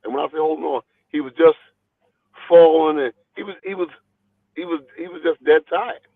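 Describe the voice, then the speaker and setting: A boxing trainer telling stories in a phone interview, talking in an animated, rambling way and repeating his words. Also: a little high, moderate pace, creaky, no echo. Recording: tinny phone line, dry.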